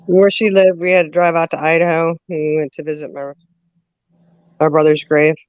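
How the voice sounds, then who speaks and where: A woman's voice: low-pitched, clean tone, dry recording. Woman telling a rambling laughing story. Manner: lively, laughing, drawn-out storyteller with many fillers. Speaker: host. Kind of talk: casual storytelling chat. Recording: dull lo-fi dry sound.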